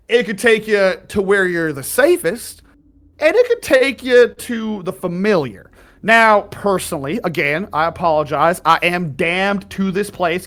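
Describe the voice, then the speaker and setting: A man's voice: high-pitched, fairly bright tone. A man voicing a jovial, slightly drunk male skeleton guide in a tabletop game, rambling in a folksy drawl with chuckles. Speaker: game master.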